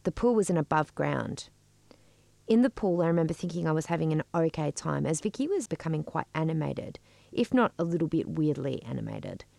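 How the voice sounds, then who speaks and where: A middle-aged woman telling a personal story in a measured, wry way. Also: low-pitched, big pitch swings, gravelly, dark tone, dry recording. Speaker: storyteller and podcast co-host.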